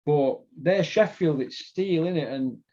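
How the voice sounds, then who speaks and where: Middle-aged South Yorkshire podcast host, sweary, rambling storyteller, slightly high pitch, muffled lo-fi audio. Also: male voice, unhurried, dark tone. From Doncaster, England. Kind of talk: casual storytelling chat. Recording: dull lo-fi sound.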